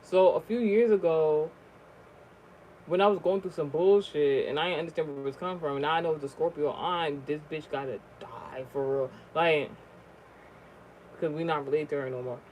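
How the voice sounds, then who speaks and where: A vlogger telling a personal story in a casual, rambling way, swearing often and restarting sentences, with the voice jumping high and loud at the shocking moments. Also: fairly even intonation, normal speed, highs cut off, a little hiss or hum. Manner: rambling, profane, many fillers and restarts.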